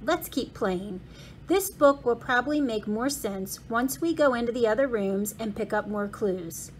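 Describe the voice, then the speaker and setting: A woman's voice: on the high side, expressive, a little slow, slight background noise. A woman reading the part of a playful schoolboy who jokes in a wry, easy way.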